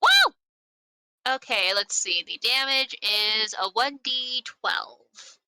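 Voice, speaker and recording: A woman playing a tabletop game, animated and quick to cheer or curse at rolls. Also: a little high, clean tone. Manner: animated, swings into laughs and cheers. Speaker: player.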